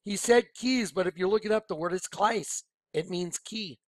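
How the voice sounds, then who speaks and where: A man leading an informal screen-share Bible study, excited and rambling, often telling listeners to watch. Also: sits high, moderate pace, dry recording, clean studio sound. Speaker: Bible teacher.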